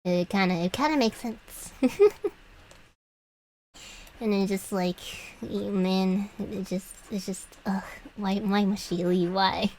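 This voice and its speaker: A woman's voice: medium pitch, steady tone, takes it slowly, pauses often, a little mellow, slight background noise, low-quality recording. A young adult woman chatting casually as a streamer while she draws, rambling and giggly with many restarts, speaking from her room at home. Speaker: VTuber artist streamer. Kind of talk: casual chat while drawing.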